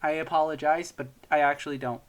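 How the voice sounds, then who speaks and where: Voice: medium pitch, fairly even intonation, fast, noisy background. Giggly, swearing young streamer. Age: young adult. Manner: giggly and rambling, swears casually. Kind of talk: casual stream chat.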